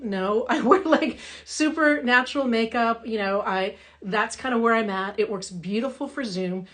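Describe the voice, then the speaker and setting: A woman makeup artist hosting a casual live session from home, chatty and upbeat, reading viewer comments aloud as she talks. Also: medium pitch. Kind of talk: casual live-stream talk. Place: home in Minnesota.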